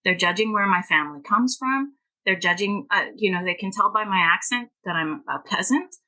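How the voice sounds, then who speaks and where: A woman's voice: medium pitch, expressive, moderate pace, bright, forceful tone, low-quality recording. A middle-aged woman from Canada, a guest author on a podcast, telling stories animatedly, laughing often and acting out the people she quotes. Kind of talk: podcast interview.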